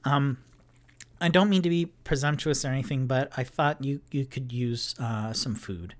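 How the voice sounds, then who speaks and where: A man voicing Tipsy, a nervous young male helper who stammers and rushes his words. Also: medium pitch, close to an everyday voice.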